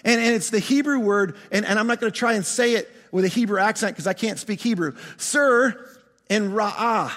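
A man preaching a sermon as pastor, animated, often restarting words and asking his congregation questions. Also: high-pitched, fast talker, few pauses, long reverb tail.

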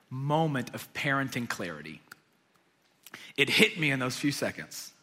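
A man in his thirties, a pastor giving a sermon, telling a family story and swinging from hushed asides to loud emphatic preaching. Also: fairly high pitch, sing-song, normal speed. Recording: long reverb of a large hall.

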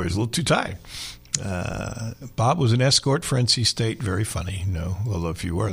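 A middle-aged man hosting sports talk radio, telling stories in an animated, self-deprecating way. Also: lowish voice, gravelly, husky.

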